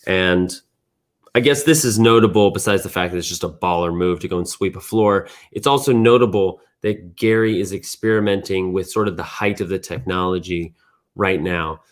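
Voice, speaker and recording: Low-voiced man hosting a casual recap. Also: normal speed. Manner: thinks aloud, restarts and fillers, relaxed. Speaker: community news host.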